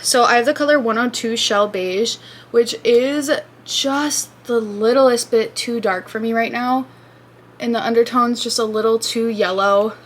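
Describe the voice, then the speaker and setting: There's a faint hiss or hum as this twenty-something beauty vlogger chats while applying makeup indoors at her apartment. Speaking at a measured pace in a fairly high voice, she rambles casually in get-ready-with-me fashion, often restarting what she's saying.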